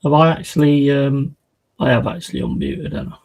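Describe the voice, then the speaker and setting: Bloke doing a footy watch-along stream, chatty and excitable, loads of mate and innit, middle pitch. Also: male voice, brisk, slight background noise, poor audio. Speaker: football fan streamer. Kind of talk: live match watch-along chat.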